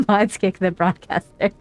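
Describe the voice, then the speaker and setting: A woman's voice: medium pitch, animated, slow pace, dry recording. A woman streaming a game live, chatting casually, giggling, teasing and swearing freely.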